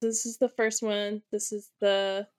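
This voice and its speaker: A woman's voice: mid-range voice, level tone, unhurried, clear, resonant tone. A woman, a guest on a podcast, chatting casually; she sounds nervous, laughs often and runs herself down. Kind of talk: casual chat.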